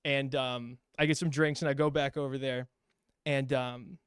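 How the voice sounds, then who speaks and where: A man's voice: medium pitch, flat delivery, normal speed, clean tone, no echo, clean studio sound. A man casually telling a long story, acting out the dialogue and swearing freely. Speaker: podcast host telling a story. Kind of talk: casual chat.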